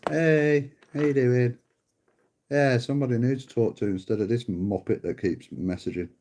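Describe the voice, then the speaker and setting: A man's voice: medium pitch, steady tone, moderate pace, warm tone. Sweary man bickering with chat. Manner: bickering, sweary, mocking, calls people mate. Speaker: livestream host. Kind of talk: casual livestream chat answering viewers.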